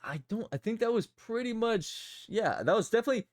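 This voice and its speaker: A man's voice: sits high, lively intonation, a little fast. A man streaming live, chatting casually and rambling, often repeating his own phrases.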